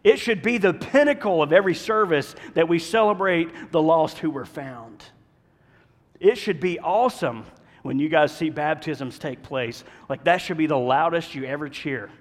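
A man preaching a sermon as pastor, swinging between loud urging and hushed, intimate asides. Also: fairly high pitch, in a large hall. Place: church sanctuary.

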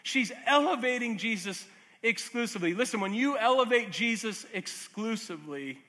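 A man's voice: sits high, expressive, moderate pace, bright, forceful tone. A man preaching a sermon as a pastor, earnest and conversational, with asides, jokes and restarts. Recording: long hall reverb.

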